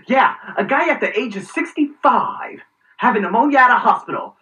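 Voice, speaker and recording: A man's voice: extremely high pitch, lively intonation, moderate pace, sharp tone, rough recording. A man delivering a heated, profane, sarcastic vlog rant. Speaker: vlogger. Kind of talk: ranting vlog commentary.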